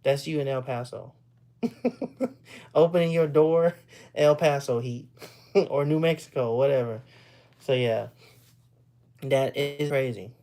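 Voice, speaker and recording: A man's voice: mid-range voice, steady tone, measured pace, pauses often, a little mellow. A man from Texas, chatting casually with viewers on a live stream, rambling and repeating words as he talks. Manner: loose and rambling, repeats words, laughs often.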